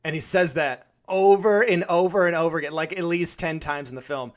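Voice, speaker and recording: A man's voice: on the high side, a little fast. A man co-hosting a podcast, chatting casually about films, laughing often and swearing freely. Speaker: podcast co-host. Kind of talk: casual film chat.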